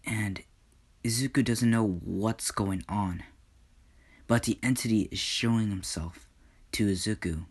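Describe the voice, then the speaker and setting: A man narrating an improvised fan story in a dramatic, hesitant way, slipping into hushed whispers. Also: on the low side, unhurried, long pauses, husky.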